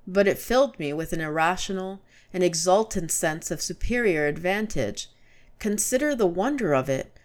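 A woman reading a classic story aloud as narrator, measured and storytelling. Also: on the low side. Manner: measured, storytelling, rising to urgent shouts in dialogue.

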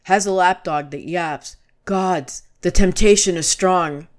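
A woman's voice: lowish voice, takes it slowly. Woman doing an impulsive boyish man. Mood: irritated. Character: impulsive boyish male scientist friend.

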